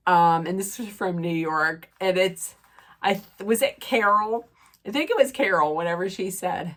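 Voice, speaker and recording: A woman with a slightly low voice talks through a reality TV episode in a loose, rambling recap, full of fillers and restarts. Her nose is stuffed up, so she sounds nasal and congested as she chats. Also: moderate pace, fairly bright tone. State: stuffy, draining sinuses. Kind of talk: casual recap and rant.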